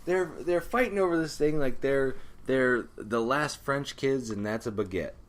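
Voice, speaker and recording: A man's voice: medium pitch, moderate pace. A young man co-hosting a podcast, telling a party story in casual chat, acting out quotes and laughing often. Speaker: podcast co-host.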